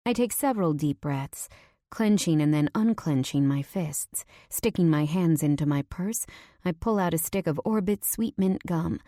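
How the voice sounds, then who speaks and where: A woman narrating a first-person romance audiobook in an intimate manner, slipping into breathy whispers. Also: on the low side, dark tone, no echo, clean studio sound.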